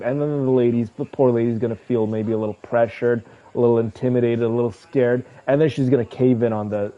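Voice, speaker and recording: A man streaming a game, chatting casually and rambling to his viewers in a relaxed way. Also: mid-range voice, fairly quick, few pauses, highs cut off. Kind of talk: casual chat with viewers while gaming.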